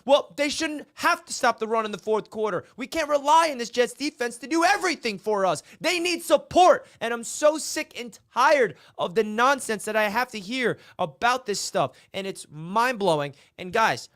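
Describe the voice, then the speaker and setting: A man with a notably high voice co-hosts a sports call-in podcast, venting loudly with fired-up disbelief. His talk is fast-building and exasperated, with a bit of swearing. The sound is dry and close, with no room around it. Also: animated, no room sound. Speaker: podcast co-host.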